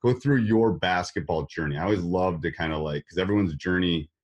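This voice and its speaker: A man with a Wisconsin accent hosts a casual podcast interview. His voice sits very low, and he rambles, doubling words and restarting sentences as he goes. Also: a little fast, a little mellow, muffled recording. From Wisconsin, USA. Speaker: podcast host.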